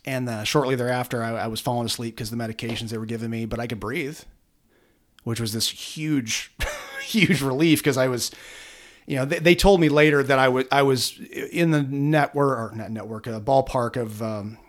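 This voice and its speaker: A middle-aged police officer recounts a hard experience to an interviewer in plain conversation. His delivery is earnest and halting, with frequent fillers and repeated starts. His voice sits at an ordinary middle pitch. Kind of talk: conversational interview, personal story.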